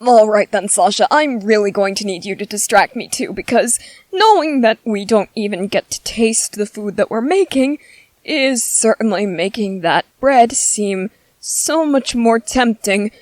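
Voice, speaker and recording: A woman's voice: medium pitch, expressive, measured pace, a little mellow, no room sound, close to an everyday voice. A woman voicing a shy, bookish young male soldier in an ASMR audio drama, nervous and stammering. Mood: exasperated.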